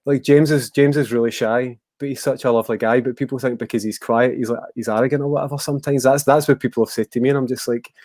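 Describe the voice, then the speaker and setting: A man's voice: mid-range voice, fairly even intonation, fast, few pauses, darkish tone, no echo. Rambling West of Scotland man, dry mic. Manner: rambling, hesitant, many fillers and restarts. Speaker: musician guest. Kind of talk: casual interview chat.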